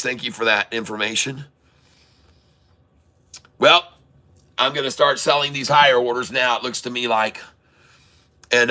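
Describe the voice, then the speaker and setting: A man hosting a live day-trading stream, calling out prices and coaching viewers in an excitable, repetitive way. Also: medium pitch. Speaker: day-trading livestream host.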